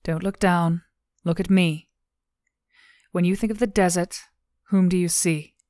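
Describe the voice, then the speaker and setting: A patient woman officer coaxes answers out of a frightened prisoner with soft, careful questions, as the narrator plays her. Her voice is low and smooth. It sounds close and dry, like a storybook reading. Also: fairly even intonation, a little slow, no room sound, lightly acted. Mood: coaxing. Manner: gentle, coaxing questions.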